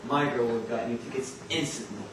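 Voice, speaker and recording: A man's voice: mid-range voice, fast, lightly acted. A young man playing an eager, coaxing male Hollywood producer on a school stage. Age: teens. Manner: lively, coaxing, showy. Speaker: student actor in a school play. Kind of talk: stage acting. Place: school stage before an audience. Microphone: far camera in the hall. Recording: echoey stage recording, far off, noisy.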